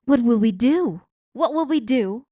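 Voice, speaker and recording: Storybook read-aloud: woman reading as a fierce castle cook, loud and tearful, slow delivery. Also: medium pitch, no echo, clean studio sound, natural voice. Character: ferocious, mouse-hating castle cook, grieving and loud.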